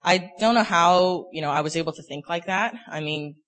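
Young man, slightly higher voice, earnest and halting, sharing a faith testimony. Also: a bit bright. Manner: earnest, halting, full of "you know" fillers. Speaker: speaker sharing a personal testimony.

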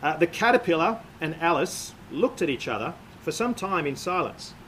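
A man preaching a sermon in a measured, explanatory way, with frequent "uh" and "um" fillers. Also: a little high, very animated, fairly bright tone, slight background noise, rough recording.

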